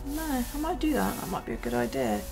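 Gravelly, tired woman vlogger. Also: medium pitch, huge pitch swings, fast talker, over music. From United Kingdom. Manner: rambling, hesitant with many ums and restarts. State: tired, yawning. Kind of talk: casual chat over a journaling video.

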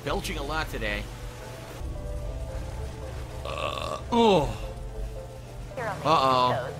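A man's voice: mid-range voice, huge pitch swings, extremely slow, vocal fry. A man giving casual gameplay commentary, muttering to himself and breaking into frustrated outbursts with frequent swearing. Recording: game music playing behind the voice.

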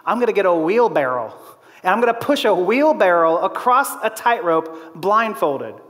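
A man with a fairly high voice preaches to his church, telling a story with lively energy, chuckling along and slipping into the voices of the people in it. His words ring out with a long reverb from the hall. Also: moderate pace. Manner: animated storytelling with laughs and acted-out quotes. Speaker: pastor. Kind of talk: sermon. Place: church auditorium.

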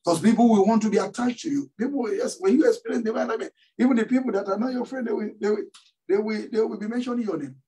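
Middle-aged Nigerian pastor, raised pitch, mellow tone, call-and-response sermon, a bit off-mic in a church. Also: male voice, rapid-fire. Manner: call-and-response questions to the congregation. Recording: voice somewhat distant from the mic.

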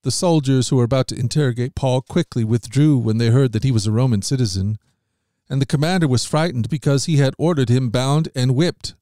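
A man of middle pitch reads scripture in an even, measured way, lifting his voice a little whenever someone is quoted. The sound is dry and close to the mic, with no room around it. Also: no echo. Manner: measured, steady reading with lifts on quoted lines. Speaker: podcast host reading scripture. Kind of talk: scripted Bible reading.

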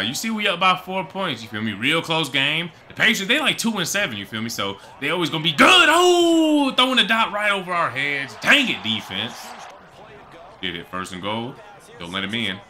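A young man commentates his own football video game, hyping himself up and breaking into shouts and sing-song bragging. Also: a little high. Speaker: gaming YouTuber. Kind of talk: excited live game commentary.

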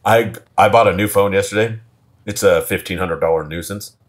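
A man's voice: lowish voice, fairly quick. A man co-hosting a comedy podcast, telling stories in a rambling, meandering way during casual banter. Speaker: comedian co-host.

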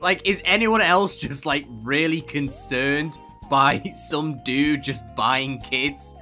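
A man's voice: fairly high pitch, slow, pushed and bright, faint music behind. A young man doing comedic reaction commentary, sarcastic and laughing often, breaking into mocking voices. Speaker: YouTuber reacting to posts.

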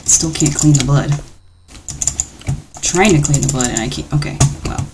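A woman's voice: deep voice, moderate pace, noisy background. A woman giving playful, jittery commentary while playing a horror game. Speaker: gaming channel host. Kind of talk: let's play commentary.

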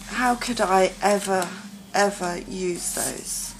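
A woman's voice: mid-range voice, slow pace, slight background noise, low-quality recording. A woman vlogger unboxing gifts at home, gushing with overwhelmed exclamations and stammering restarts.

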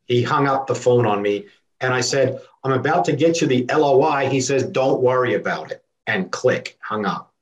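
A man who is a guest on a podcast, recounting events earnestly and in steady detail. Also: mid-range voice, normal speed, lo-fi sound. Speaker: podcast guest, real estate investor. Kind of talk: conversational podcast interview. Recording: roomy echo.

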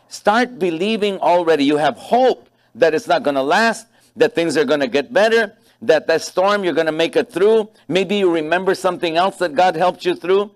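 A man preaching a sermon as a pastor, telling stories with animation and stressing key phrases. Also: fairly high pitch. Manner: animated storytelling, acting out dialogue in voices.

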